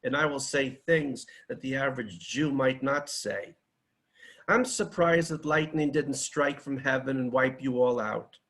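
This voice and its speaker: A man's voice: medium pitch, unhurried, fairly bright tone, poor audio. A man speaking at a seminar in a fiery, declamatory, rhetorical way. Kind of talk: impassioned seminar talk.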